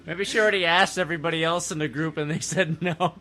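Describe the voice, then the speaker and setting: A man's voice: fairly high pitch, steady tone, quick pace, pushed and bright. A man co-hosting a casual TV discussion podcast, questioning the others' readings with a laugh. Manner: skeptical, questioning, laughs often. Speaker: podcast co-host. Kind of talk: casual chat.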